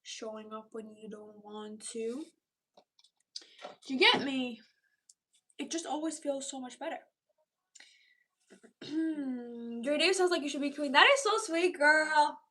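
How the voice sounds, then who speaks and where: High-voiced chatty woman streamer. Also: slow pace, long pauses, sharp tone, far from the mic. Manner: chatty, reads viewer comments aloud, drops into whispered asides. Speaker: livestreamer chatting with viewers. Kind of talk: casual live-stream chat. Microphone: built-in device mic, not a dedicated microphone.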